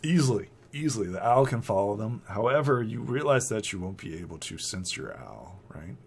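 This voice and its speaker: A man's voice: on the low side, sing-song, brisk, creaky, husky. A man narrating a tabletop game as game master, loose and chatty, with lots of "like" fillers.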